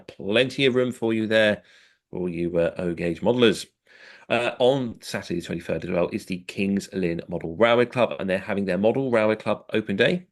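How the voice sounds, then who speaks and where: British male podcast co-host, low gravelly voice, easygoing, filler-heavy delivery. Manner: relaxed, chatty, many fillers and self-deprecating laughs. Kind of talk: casual podcast listings.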